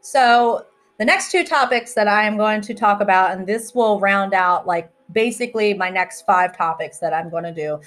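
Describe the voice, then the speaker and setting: A woman's voice: mid-range voice, normal speed, a bit bright. A woman hosting her own podcast, talking in a chatty, rambling way and poking fun at herself as she goes. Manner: chatty, rambling, self-mocking. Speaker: podcast host. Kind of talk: casual solo podcast chat.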